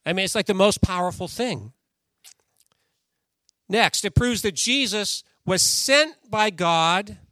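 A man's voice: high voice, sharp tone, no room sound. A man preaching a sermon in a conversational way, reading scripture aloud and putting questions to the congregation. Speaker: pastor.

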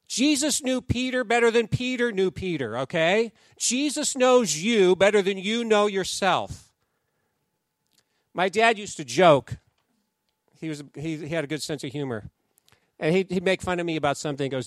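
A man preaching a sermon to his congregation, animated, acting out the voices of the people he quotes. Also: high-pitched, moderate pace, no room sound, studio quality. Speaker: pastor.

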